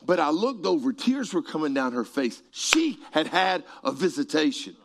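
A middle-aged man preaching a sermon and telling stories, moving between quiet passages and shouted peaks. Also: fairly high pitch, big pitch swings, normal speed, creaky. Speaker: pastor. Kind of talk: sermon storytelling.

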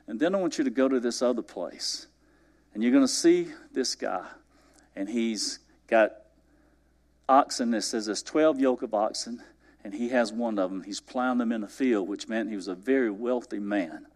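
Male preacher, sermon, lively storytelling, acts out dialogue, asks the congregation questions. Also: mid-range voice, moderate pace. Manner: animated storytelling, acting out biblical dialogue.

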